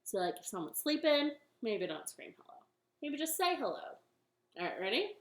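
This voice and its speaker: A woman's voice: high-pitched, sing-song, normal speed. A woman hosting a children's storytime from her living room, chatty and playful as she talks to young children. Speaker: library storytime host. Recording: roomy home recording with faint ukulele.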